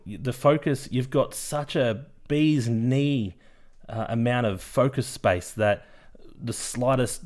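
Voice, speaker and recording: Man explaining things in a low voice. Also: a little mellow. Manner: explanatory, rambling. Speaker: podcast co-host. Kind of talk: casual chat.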